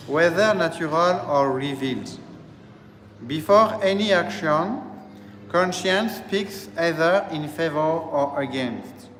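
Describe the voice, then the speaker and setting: A man who serves as a priest, delivering a slow, deliberate teaching sermon and repeating phrases as he explains. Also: a little high, a bit bright, a little hiss or hum. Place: church. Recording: echoey church hall, faint ambience.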